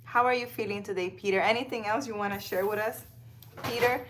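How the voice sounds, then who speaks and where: A woman's voice: medium pitch, fairly even intonation, a little fast, fairly bright tone. A woman hosting a casual live stream from her phone, reading out cards and viewer comments in a chatty way. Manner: chatty, reads comments aloud, switches to baby talk with her cat.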